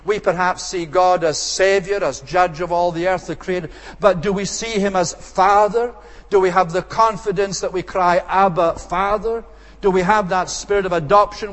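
A man's voice: high-pitched, normal speed, fairly bright tone. A man preaching an expository sermon with emphatic, repetitive rhetorical phrasing. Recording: long hall reverb.

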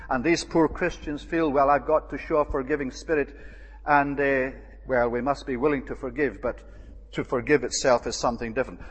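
Man preaching, husky voice, measured pace with many pauses, mid pitch, echoing church hall. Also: a bit bright. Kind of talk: expository Bible sermon. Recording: long reverb of a hall.

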